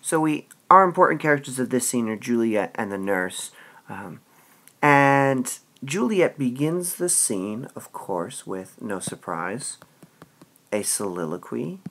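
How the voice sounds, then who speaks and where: A man teaching a literature lesson, reading passages aloud and explaining them with a lively manner and frequent "all right"s. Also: mid-range voice, a little slow.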